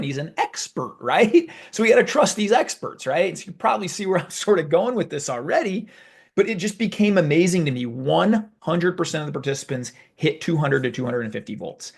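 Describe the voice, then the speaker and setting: A man hosting a video, telling a story in a casual, animated, conversational way. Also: high-pitched, a little fast, gravelly, slightly rough. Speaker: video host. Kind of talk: casual talk to camera.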